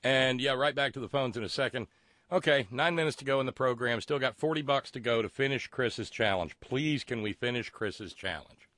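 A man hosting a call-in radio show, blunt and profane, with halting restarts. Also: mid-range voice, a bit bright, dry recording. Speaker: radio talk show host.

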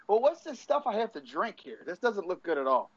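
A man's voice: sits high, very animated, moderate pace, husky, muffled recording. A man calling in to a talk show, chatty and easygoing, chuckling as he tells his story. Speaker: caller. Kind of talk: casual chat.

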